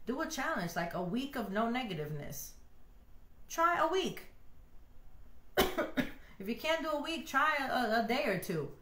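A woman in her thirties giving casual, heartfelt marriage advice to other wives, animated and preachy, full of "like" and "you know". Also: a little high, moderate pace, long pauses, reverberant, noisy background. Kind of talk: casual heartfelt talk to viewers.

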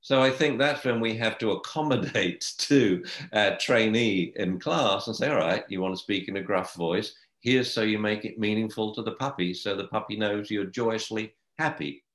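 A man's voice: fairly low pitch, moderate pace, hardly any pauses, a bit bright, roomy sound. An older man, a dog trainer, talking in a chatty way and laughing often. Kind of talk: casual discussion.

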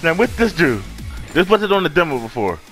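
A gaming streamer plays a game for the first time, his fairly high voice sing-song, a bit bright and fairly quick, with game music underneath. His let's-play commentary is profane and hyped, full of trash talk and repeated phrases.

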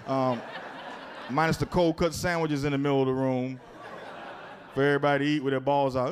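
A man's voice: mid-range voice, brisk, pauses often. A man doing live stand-up in a comedy club, telling crude, profane stories and working the crowd. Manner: profane, animated storytelling with crowd work.

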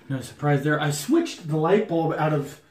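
An American man talks through his shaving routine in a loose, jokey way, stopping for fillers and restarts. His voice sits a bit high, and the bathroom tiles make the sound echoey. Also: a little hiss or hum. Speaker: wet shaving YouTuber. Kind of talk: casual shaving vlog talk to camera. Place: bathroom at the sink.

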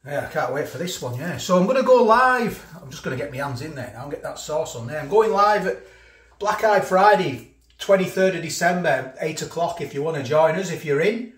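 A food reviewer talks about food while eating, his voice a little high for a man and fairly quick. In a relaxed vlog style he circles back and repeats his points, with a roomy echo around him.

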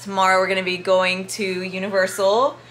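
Thirties woman vlogging from a hotel room, super gushy and chatty, medium pitch, bit of faint noise. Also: level tone, brisk, fairly bright tone. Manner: gushing, enthusiastic, chatty with many fillers. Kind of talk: casual vlog chat.

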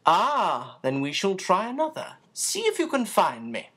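A gentle old man who is secretly a magician , as the reader puts him on. He speaks softly yet with an authority nobody questions, in slow, formal phrases. His pitch rises and falls in a lively way. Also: breathy edge, exaggerated voice. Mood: wry. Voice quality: soft but authoritative. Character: old male magician shopkeeper, soft, commanding.

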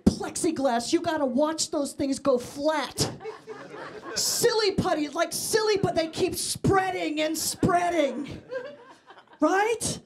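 A woman's voice: very high-pitched, takes it slowly, darkish tone. A middle-aged woman from Mexico doing a bawdy stand-up set on stage with a handheld mic, talking straight to the audience. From Mexican-American. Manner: brash, bawdy, talks to the crowd. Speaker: stand-up comedian. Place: comedy club stage before a live audience. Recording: noisy live crowd. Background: audience laughter.

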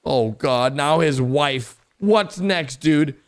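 A young man giving excited reaction commentary on animated videos, with an exclamatory, animated way of talking. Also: on the high side, slow pace, a little hiss or hum. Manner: animated, exclamatory, frequent gasps and laughs. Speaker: gaming YouTuber reacting to animations.

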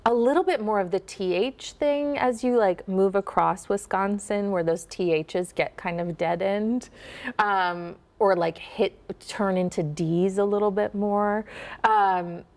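A woman accent coach with a Minnesotan accent, chatting in an interview, laughing often and modeling sounds slowly. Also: medium pitch, darkish tone. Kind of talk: casual interview, demonstrating accents.

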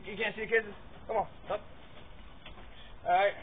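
High-voiced man rambling at a dog pen. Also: flat delivery, measured pace. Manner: rambling, repeats words, grunts with effort. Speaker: vlogger showing dog handling. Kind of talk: casual running commentary. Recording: tinny phone-like audio, faint noise.

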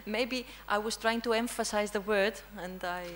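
In a mid-range voice with fairly even intonation, a little slow and a bit bright, this Greek-accented language teacher from Greece leads an interactive conference-room lesson. She quizzes the audience and keeps checking in with a questioning "hmm?", and the low-quality recording carries a little hiss or hum.

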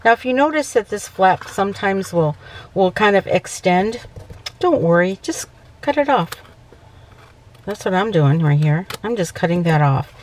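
A woman's voice: mid-range voice, expressive, moderate pace, slight background noise. A woman hosting a casual papercraft tutorial, chatty and self-correcting, often checking in with "okay". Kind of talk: casual crafting demonstration.

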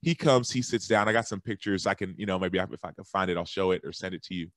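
Man, low voice, dry close sound, excited storyteller, casual podcast guest. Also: fast talker, no room sound. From Texas. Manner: animated storyteller, jumps to high excited voices when quoting himself. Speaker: guest, former football linebacker and author.

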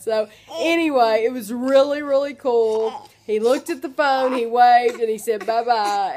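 A woman's voice: a little high, darkish tone, rough recording. Woman, mom vlogger, sing-song baby talk, handheld camera at home. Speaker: vlogger and mother. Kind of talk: casual home vlog. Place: home, indoors and at the back door.

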